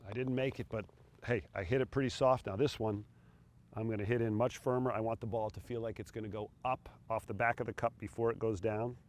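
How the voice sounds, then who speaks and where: A middle-aged man coaching putting outdoors on a green, talking in a relaxed, encouraging way between putts. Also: on the low side, a little fast, slight background noise. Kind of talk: on-course instruction.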